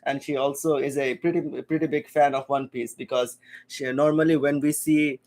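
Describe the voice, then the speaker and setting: Male streamer host, slightly high pitch, patient and chatty, occasional cough. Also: flat delivery, moderate pace, darkish tone. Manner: explains patiently, many restarts. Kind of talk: casual chat on a livestream.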